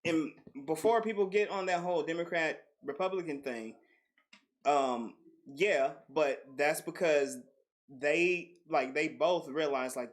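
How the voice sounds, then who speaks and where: A young adult man co-hosting a casual podcast, rambling and full of "like". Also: fairly high pitch. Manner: rambling, heavy use of "like". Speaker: podcast co-host. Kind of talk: casual group chat.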